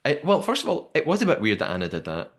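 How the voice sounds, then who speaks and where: A young man hosting a podcast, chatting casually and telling the story in a lively way with lots of fillers. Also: a little high, fast. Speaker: podcast host. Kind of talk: casual recap chat.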